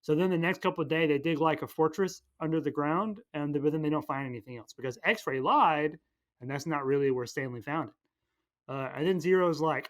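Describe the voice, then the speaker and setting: A man's voice: on the high side, a bit bright. A young man co-hosting a podcast, rambling through a comedic movie recap and popping into silly character voices. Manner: goofy, acts out characters in quick silly voices. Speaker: podcast co-host.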